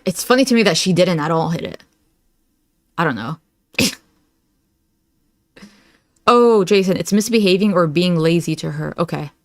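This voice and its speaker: A woman's voice: fairly low pitch, normal speed, long pauses, no echo, studio quality. A woman hosting a reaction video, giving sarcastic commentary and laughing at her own remarks.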